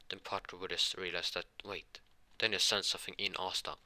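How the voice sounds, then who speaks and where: Low-voiced man, halting fan storytelling. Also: level tone, pushed and bright. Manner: halting, filler-heavy retelling.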